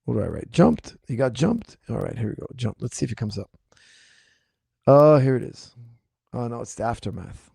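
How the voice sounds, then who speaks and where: Animated man with a strained voice. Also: mid-range voice, moderate pace, vocal fry, breathy edge, no room sound, clean studio sound. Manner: animated, incredulous and mocking, repeats himself. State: slightly strained voice. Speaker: martial arts coach answering viewer questions. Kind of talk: casual livestream Q&A.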